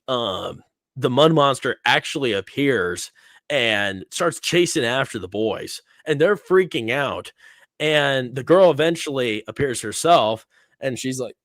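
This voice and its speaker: A man's voice: medium pitch, no echo, studio quality. A young man casually recapping a TV episode, rambling with many fillers and little laughs. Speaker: host. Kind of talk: casual review chat.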